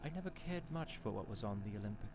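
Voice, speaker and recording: A man voicing a haughty Edwardian gentleman in a video game, dry and disdainful. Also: fairly low pitch, animated, fast talker, soft background music.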